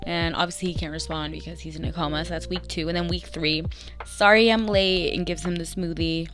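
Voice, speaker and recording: A woman's voice: low voice, quick pace, faint music behind. Chatty young woman recapping stories. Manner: chatty, animated, acts out dialogue in bursts. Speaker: vlogger reading fanfiction aloud. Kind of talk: casual reading and recap.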